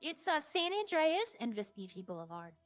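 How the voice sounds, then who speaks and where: A woman's voice: high-pitched, sing-song, moderate pace, no room sound. A woman streaming a roleplay game, chatting casually and jokily to her viewers in a rambling way.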